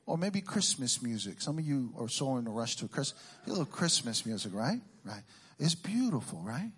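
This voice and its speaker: A middle-aged man from Puerto Rico doing a stand-up routine, teasing the crowd with quick questions and Spanish exclamations. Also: medium pitch, big pitch swings, fairly bright tone, breathy edge. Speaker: stand-up comedian.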